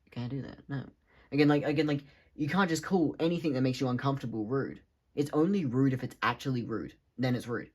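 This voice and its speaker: A man's voice: medium pitch, a little fast, darkish tone, breathy edge. A man, talking in a rambling, casual monologue for his vlog, swearing freely. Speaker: vlogger.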